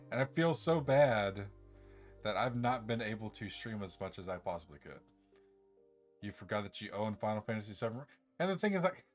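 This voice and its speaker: Rambling man chatting on a live stream. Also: medium pitch. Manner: rambling, relaxed, with laughs and filler restarts. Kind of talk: casual live-stream chat.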